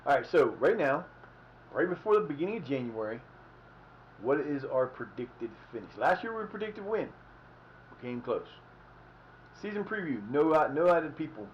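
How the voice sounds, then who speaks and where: A man's voice: a little high, normal speed, pauses often, a little hiss or hum. Rambling man streaming a game. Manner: rambling, relaxed, swears casually. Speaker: streamer playing a football management game. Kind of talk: casual live-stream commentary. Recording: slightly dull lo-fi mic.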